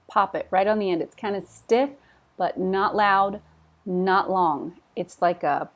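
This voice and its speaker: Slow, careful woman teaching pronunciation. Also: mid-range voice. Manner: repeats words slowly, clearly and deliberately.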